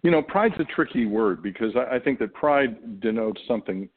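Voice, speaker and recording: A man's voice: medium pitch, expressive, normal speed, breathy edge. A middle-aged American man, an actor, talking thoughtfully in an interview with many fillers and restarts. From United States. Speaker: actor guest. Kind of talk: casual interview talk. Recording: tinny phone-like line.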